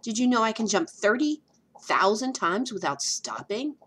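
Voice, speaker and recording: A woman's voice: medium pitch, big pitch swings, fairly bright tone, slight background noise, voice pushed up. A woman voicing a boastful bouncy flea. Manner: eager, quick show-off patter.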